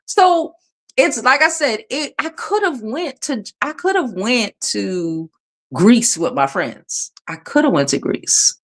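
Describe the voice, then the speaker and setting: A woman's voice: fairly high pitch, unhurried. A woman hosting a casual livestream from her phone, talking bluntly and with plenty of swearing while she reads out viewer comments. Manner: blunt, profane, animated. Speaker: livestream host.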